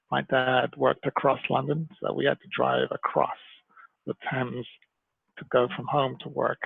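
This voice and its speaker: A Jamaican-born man telling stories from his life as an interview guest, in an animated way. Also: medium pitch, gravelly, breathy edge, no echo. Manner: animated storyteller, slips into mimicked voices. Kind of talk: conversational interview storytelling. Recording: tinny phone-like line, dry.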